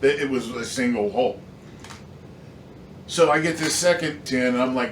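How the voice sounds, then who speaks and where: A man's voice: medium pitch, normal speed, long pauses. A man giving a casual, rambling airgun product review, emphatic and frustrated, with plenty of fillers. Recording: echoey room, slightly distant mic, faint noise.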